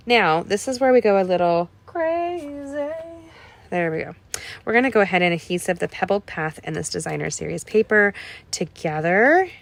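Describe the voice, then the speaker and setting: A woman's voice: on the low side, gravelly. A middle-aged woman hosting a live card-making tutorial, chatting folksily with viewers as she works. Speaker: card-making livestream host. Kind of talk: casual crafting tutorial.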